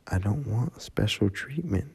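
Drunk man, very low voice, gravelly, husky, slow, profane rambling into a phone memo. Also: animated.

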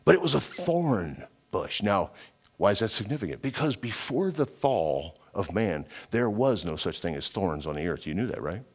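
A man's voice: on the low side, big pitch swings, normal speed, breathy edge. A middle-aged man preaching an informal verse-by-verse sermon, emphatic and chatty, often slipping in "you know" and stepping off his notes. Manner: conversational, emphatic, digressive, with frequent "you know". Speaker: preacher and radio Bible teacher.

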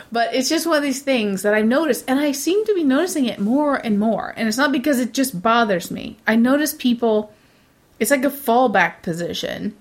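A woman, giving blunt, opinionated casual talk, swearing freely and acting out other people. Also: a little high. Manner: blunt, swears, animated mimicry.

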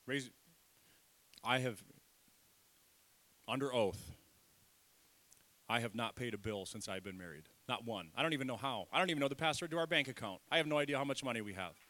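A middle-aged man preaching a sermon in a church, lively and self-deprecating, leading the congregation in call-and-response. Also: medium pitch, fairly quick, pauses often. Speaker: pastor. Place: church sanctuary.

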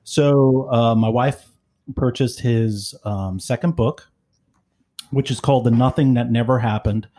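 A middle-aged male podcast host talks in a relaxed way, full of fillers and self-mockery. His voice sits in an ordinary middle range. He wanders from point to point in casual chat. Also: mid-range voice, a little slow. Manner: rambling, filler-heavy, self-deprecating.

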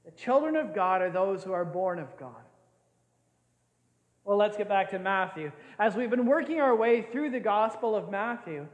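A man's voice: high-pitched, animated, moderate pace, dull audio. An older man preaching a sermon as a pastor, playful and often laughing as he acts out scenes. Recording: echoey hall with long reverb.

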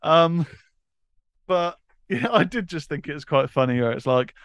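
A man's voice: a little high, unhurried, fairly bright tone, clear, resonant tone, no room sound, clean studio sound. A British man co-hosting a casual wrestling podcast, laid-back, reading out history bits and laughing easily. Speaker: podcast co-host.

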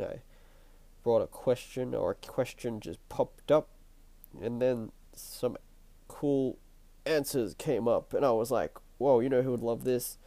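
A man hosting his own podcast with a stuffy, nasal voice and a croaky throat, musing in a reflective spiritual monologue and repeating his phrases as he thinks aloud. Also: mid-range voice, mellow, no echo. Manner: musing, repeats phrases, chuckles between thoughts. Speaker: podcast host. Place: at home at night.

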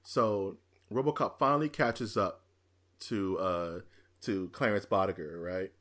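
A man hosting a casual film review chat, rambling through scene retellings with excitement. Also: low voice, unhurried.

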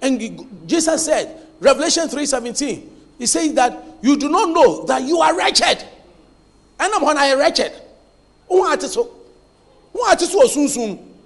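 A male pastor preaches with a strikingly high voice. He drives his points home emphatically, quizzing the congregation to complete his sentences. The sound rings with the long reverb of a church hall. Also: very animated, unhurried, pauses often. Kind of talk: sermon.

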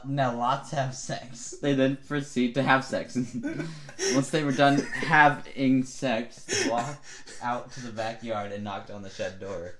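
Man reading silly fan fiction aloud. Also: mid-range voice. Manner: reads in a mostly flat voice, often breaking into laughter.

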